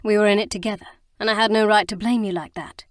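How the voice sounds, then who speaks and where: A woman voicing a gruff, brooding male romantic hero in an audiobook, speaking low and soft. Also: steady tone, fast, no echo, clean studio sound, lightly acted. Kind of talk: audiobook character reading.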